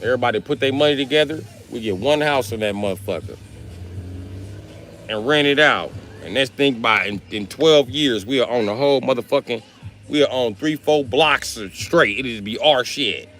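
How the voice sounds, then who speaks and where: A male comedian telling a profane, animated comic story on a live stream. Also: mid-range voice, normal speed, a little hiss or hum.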